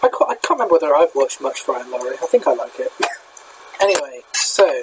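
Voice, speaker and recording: A man's voice: a little high, sing-song, quick pace, noisy background. A man with a British accent hosting a podcast in casual chat, chatty and self-deprecating, often stumbling and restarting. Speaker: podcast host.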